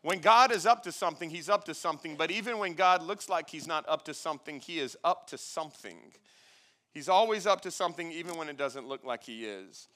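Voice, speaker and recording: Bright-voiced preacher man. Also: fairly high pitch, expressive, fairly quick. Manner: call-and-response preaching, swelling loud on key lines; playful asides to the congregation. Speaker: pastor. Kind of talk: sermon. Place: church sanctuary with congregation.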